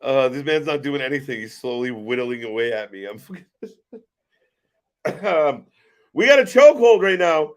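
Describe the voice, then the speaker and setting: A man's voice: medium pitch, big pitch swings, moderate pace, long pauses. A man co-hosting a casual wrestling watch-along, joking, swearing and laughing a lot. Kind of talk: casual live-stream commentary.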